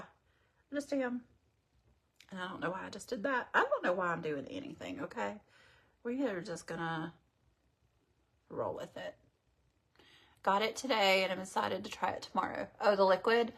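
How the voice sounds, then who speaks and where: Chatty husky woman doing a makeup stream. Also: medium pitch, fairly bright tone. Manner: chatty, rambling, talks to viewers. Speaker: beauty livestream host. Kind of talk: casual makeup tutorial livestream.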